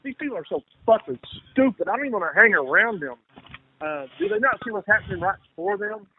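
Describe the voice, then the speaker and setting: A man with a high, gravelly voice rambles on in a profane, repetitive way. His voice comes through a thin, phone-like line with a faint hiss underneath. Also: animated, fast. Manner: rambling, profane, repeats himself. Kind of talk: casual conversation. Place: lives in Texas.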